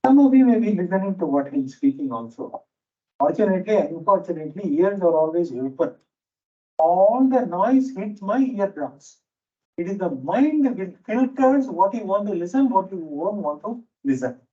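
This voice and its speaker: A man's voice: high voice, animated, moderate pace. Man, Indian English accent, lecture, storytelling, repeats phrases, distant dull hall recording. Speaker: management teacher giving a faculty talk. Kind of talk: lecture to teachers. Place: lecture hall with a noisy fan.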